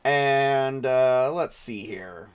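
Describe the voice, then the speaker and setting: A man's voice: medium pitch, drawn-out words, smooth. A man running a tabletop game as game master, thinking aloud with many fillers and restarts.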